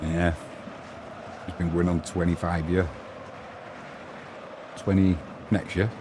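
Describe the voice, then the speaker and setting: A man's voice: low voice, little pitch movement, slow pace, background noise. A middle-aged Englishman hosting a live match stream, chatting casually and bantering with viewers while commenting on the game. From England. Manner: chatty, bantering, reads viewer messages aloud.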